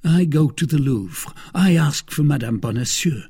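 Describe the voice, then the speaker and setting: This is a foolish, self-satisfied mercer, put on by a male reader. The voice is lifted and husky. He talks eagerly and full of himself. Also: a little high, lively intonation, moderate pace, warm tone, voice pushed up, exaggerated voice. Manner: eager, boastful.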